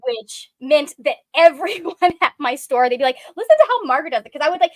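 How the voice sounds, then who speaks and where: A woman's voice: high voice, very animated, brisk. A young woman co-hosting a reading stream, chatting casually in a bubbly, naturally cheerful way. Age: young adult. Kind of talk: casual chat.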